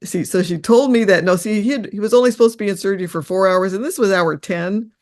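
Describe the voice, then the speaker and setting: An older woman, a guest in an interview, telling personal stories in an earnest, reflective, halting way. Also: medium pitch, a little mellow.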